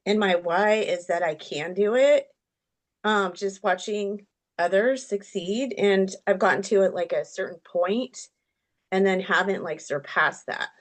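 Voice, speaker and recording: A woman's voice: mid-range voice, unhurried. A woman taking part in an online class, speaking hesitantly, stopping and restarting with "like" and "um". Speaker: class participant.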